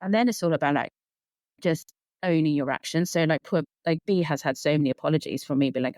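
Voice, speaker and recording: A woman's voice: low voice, fast talker, darkish tone, dry recording. Rambling, earnest woman in her thirties. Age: 30s. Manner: earnest, rambling, full of fillers like "like". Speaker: guest, sleep consultant. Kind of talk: casual conversational interview.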